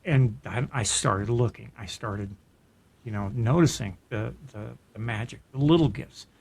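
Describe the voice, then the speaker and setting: Middle-aged male podcast host, earnest and reflective, mid-pitched, casual storytelling. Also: a little slow, creaky, a little mellow, husky. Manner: earnest and reflective, with frequent restarts. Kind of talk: personal storytelling in casual chat.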